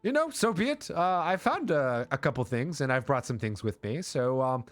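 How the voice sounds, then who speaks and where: A man's voice: mid-range voice, lively intonation, normal speed, lightly acted. A man voicing an eager, fumbling traveling merchant in a tabletop game, with hesitant sales patter full of ums. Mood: chirpy.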